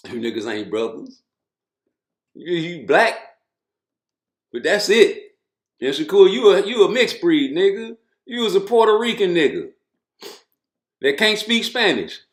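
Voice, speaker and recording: A man's voice: sits high, sing-song, a little slow, long pauses, reverberant. A man giving blunt, profane, mocking commentary in a ranting style. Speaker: boxing commentator.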